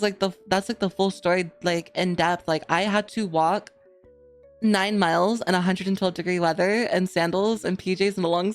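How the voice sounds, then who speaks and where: A young adult woman co-hosting a podcast, telling a personal story in casual chat, rambling with lots of "like" fillers. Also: fairly low pitch. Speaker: podcast co-host.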